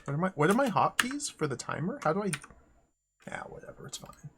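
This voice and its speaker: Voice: mid-range voice, sing-song, fairly quick, background noise. A streamer giving casual let's-play commentary, reading the on-screen game text aloud with wry asides and frequent chuckles. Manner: chuckles often.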